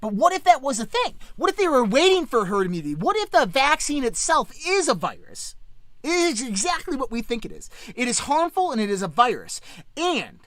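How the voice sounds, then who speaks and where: A woman's voice: high voice, huge pitch swings, fairly quick, no room sound. A woman hosting a podcast, ranting in an impassioned, preachy way and swearing freely. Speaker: podcast host. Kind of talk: impassioned casual rant.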